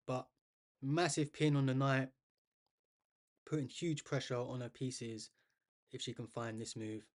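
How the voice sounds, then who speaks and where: A man's voice: a little high, darkish tone. A man commentating live on a chess game for a stream, chatting with viewers and thinking aloud as he goes.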